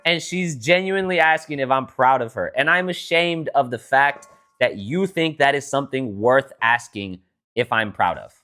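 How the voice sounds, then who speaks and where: A man's voice: medium pitch, normal speed. A young man co-hosting a podcast, chatting casually with his sister and teasing her while telling stories. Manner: teasing, animated storytelling, quotes people in put-on voices. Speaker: podcast co-host. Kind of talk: casual chat.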